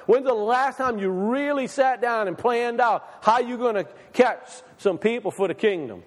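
High-voiced preacher in a reverberant hall. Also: male voice, lively intonation, moderate pace, hardly any pauses. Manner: rhetorical questions to the congregation, reading scripture aloud. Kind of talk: sermon.

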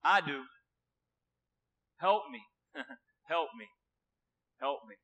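A man preaching a sermon with passion, dropping to a hush and then rising loud, repeating words for emphasis. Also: a little high, expressive, slow pace, lo-fi sound. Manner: impassioned, swinging from hushed to loud.

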